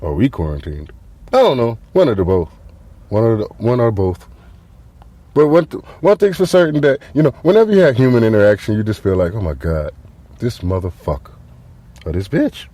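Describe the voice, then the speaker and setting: A man's voice: mid-range voice, a little fast, no echo. A man hosting a podcast, delivering a profane comedic monologue, acting out quotes and laughing at his own jokes. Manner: animated, swings loud and soft, acts out quotes. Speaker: podcast host.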